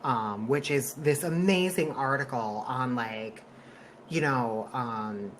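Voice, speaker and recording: Guy podcast co-host, chatty and animated, laughs a lot, swears casually. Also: medium pitch, takes it slowly, a little hiss or hum.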